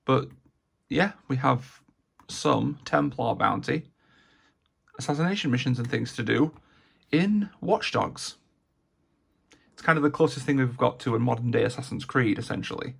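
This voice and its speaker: A man with a hoarse, raspy voice, chatting casually in a gaming vlog and rambling with many fillers. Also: mid-range voice, a bit bright. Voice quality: raspy, gravelly. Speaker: vlogger.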